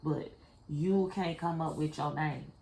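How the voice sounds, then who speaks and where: A woman's voice: low-pitched, fairly even intonation, measured pace, gravelly. A woman giving a casual spiritual card reading to her viewers, blunt and profane, speaking straight to them. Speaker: tarot card reader. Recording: echoey room with faint noise.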